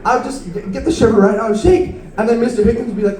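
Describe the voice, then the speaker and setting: A young man in his late teens works through a stand-up set, his voice sitting noticeably high. He rambles, trips over his words and pokes fun at himself. The sound is roomy and picked up from some distance away in a club. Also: racing, mellow. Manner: rambling, self-deprecating, stumbling delivery. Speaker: stand-up comedian. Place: comedy club stage.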